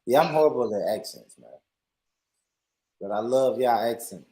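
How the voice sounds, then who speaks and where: A man's voice: medium pitch, animated, normal speed, echoey room, crowd noise. An American man on a live stream, talking in casual banter, laughing and mocking himself, repeating his phrases.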